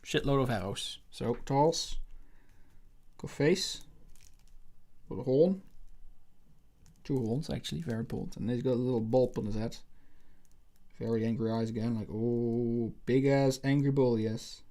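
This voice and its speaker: Mellow-voiced joking livestream host man. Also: mid-range voice, steady tone, measured pace, long pauses. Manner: joking, crude, rambling. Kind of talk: casual livestream chat while drawing.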